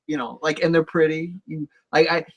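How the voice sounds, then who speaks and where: A young man co-hosting a casual wrestling talk show, goofy, with deadpan quips. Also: a little high, normal speed, highs cut off. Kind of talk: casual profane chat.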